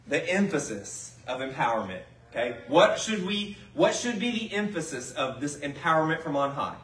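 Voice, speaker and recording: A male pastor gives a chatty sermon, his pitch sitting a bit high and moving a lot. He keeps turning to the congregation with questions. The mic is some way off, so the sound is roomy. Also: very animated, moderate pace, hardly any pauses, a bit bright, distant mic. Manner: conversational, asks the congregation questions. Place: church sanctuary.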